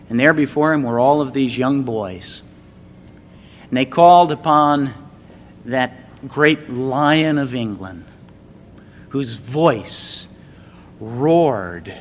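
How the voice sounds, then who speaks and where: A man delivers a sermon at a slow, deliberate pace. He speaks earnestly and swells into loud, emphatic repetitions. A long reverb and a faint rumble sit behind his voice. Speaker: preacher.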